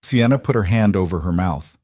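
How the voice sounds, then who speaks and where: A man reads a scripted story aloud in a measured, even storytelling manner. His voice sits low. The recording is close and dry with no room sound. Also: dry recording. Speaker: narrator. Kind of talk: scripted narration.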